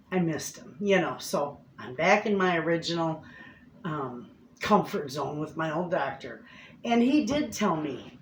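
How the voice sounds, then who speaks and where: Chatty woman vlogging from her house, talks to viewers like friends, echoey room with a faint hum. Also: low-pitched. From Michigan, USA. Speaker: homestead vlogger. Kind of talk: casual chat to camera.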